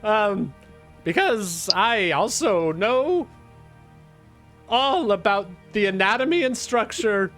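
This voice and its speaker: A man voicing a vain, self-important female creature in a tabletop game, speaking in a pompous, drawn-out, condescending way. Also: sits high, fairly bright tone, voice pushed up, exaggerated voice.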